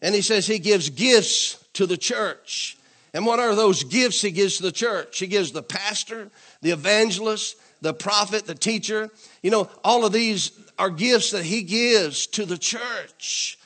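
High-voiced man preaching a sermon. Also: a little slow. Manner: call-and-response preaching, asks congregation to say amen; repetitive, emphatic, rising to louder declarations. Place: church.

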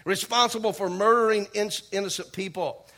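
A man preaching a sermon, dropping a repeated "okay?" and calling for amens, reading scripture slowly and with emphasis. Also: high-pitched, steady tone, bright, forceful tone. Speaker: pastor.

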